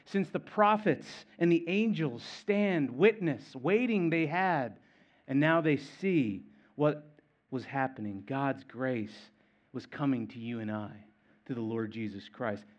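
Male pastor, sermon, emphatic repetition, loud-quiet swings, higher voice, dull lo-fi recording.

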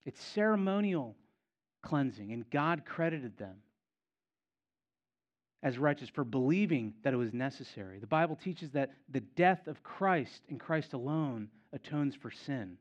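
A man's voice: medium pitch, lively intonation, unhurried. Man, pastor, sermon, emphatic repetition, muffled lo-fi sound. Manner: emphatic, repeats key phrases for effect.

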